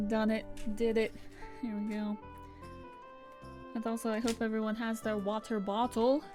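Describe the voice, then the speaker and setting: A woman's voice: a little high, flat delivery, unhurried, music in the background. Chatty young woman streaming a game. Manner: rambling, chatty, heavy use of "like". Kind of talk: casual gameplay commentary.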